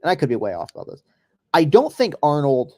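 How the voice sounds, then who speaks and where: A man's voice: a little high, very animated, quick pace, darkish tone. A man hosting a casual podcast, chatting loosely over a live baseball game with profane, rambling asides. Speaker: podcast host.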